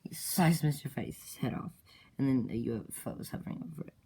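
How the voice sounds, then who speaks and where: A storyteller rambling casually through a made-up comic plot, with fillers and quick character voices. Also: mid-range voice, expressive, vocal fry, mellow, slight background noise.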